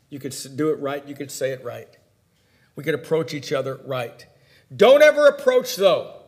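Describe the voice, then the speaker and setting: A man preaching a sermon, telling personal stories, who swings between loud emphatic lines and hushed asides. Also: high voice.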